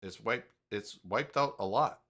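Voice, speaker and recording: A man's voice: lowish voice, measured pace, sharp tone. A man hosting a casual live stream, rambling and reading chat messages aloud.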